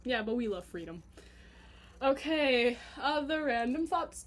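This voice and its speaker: A woman's voice: high-pitched, expressive, measured pace. Chatty rambling woman vlogger. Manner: scattered, chatty, hums and sings to herself. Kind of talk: rambling casual video diary.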